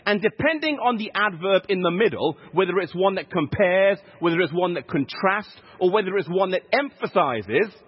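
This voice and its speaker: Male preacher, emphatic teaching sermon; lively husky voice, dull lo-fi hall recording. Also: sits high, moderate pace, hardly any pauses. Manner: teaching, emphatic, repeats key points. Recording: echoey hall, dull lo-fi sound.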